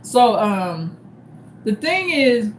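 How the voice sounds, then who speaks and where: Woman, middle-aged, livestream host, blunt and opinionated, higher voice, faint noise behind. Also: sing-song, drawn-out words. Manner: blunt, opinionated, talks straight to viewers. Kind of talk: casual commentary.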